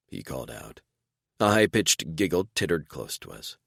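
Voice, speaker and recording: Deep-voiced male audiobook narrator. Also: normal speed, creaky, no room sound, studio quality. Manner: expressive storytelling, first-person. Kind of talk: scripted narration.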